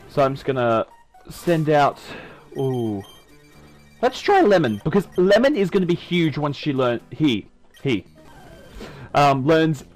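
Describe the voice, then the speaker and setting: A man's voice: mid-range voice, poor audio. A man doing casual let's-play commentary on a video game, chatty and self-mocking. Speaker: gaming YouTuber.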